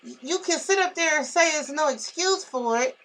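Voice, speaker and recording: A woman's voice: very high voice, normal speed, fairly bright tone, poor audio. A woman vlogger venting to camera in a blunt, irritated, emphatic way while in pain.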